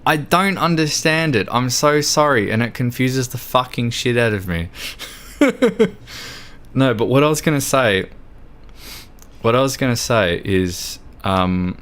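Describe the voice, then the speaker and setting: Slow-talking drunk Australian man. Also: mid-range voice, very animated, a bit bright, clear, resonant tone. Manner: rambling, sweary and giggly. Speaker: livestreamer. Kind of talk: casual chat while gaming.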